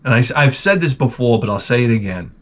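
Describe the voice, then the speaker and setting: A man's voice: mid-range voice, quick pace. Forties male host, crude rambling storyteller, self-mocking, casual monologue delivery. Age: 40s. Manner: crude, rambling, self-mocking, jumps into loud animated retellings.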